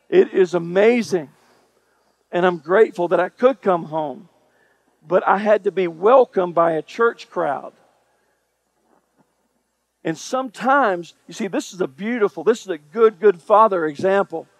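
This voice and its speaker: Male preacher with a high voice, punchy and repetitive, talking right at the congregation. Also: no echo. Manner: emphatic preaching, repeats phrases, addresses congregation directly. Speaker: pastor. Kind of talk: sermon.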